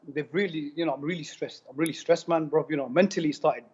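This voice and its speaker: A man tells his own story in an interview, loose and slangy, circling back and repeating himself as he goes. His voice sits a little high for a man. The recording is muffled and lo-fi. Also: fast, darkish tone, breathy edge. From United Kingdom. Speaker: interviewee giving a testimonial. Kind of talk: casual storytelling. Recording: dull lo-fi sound.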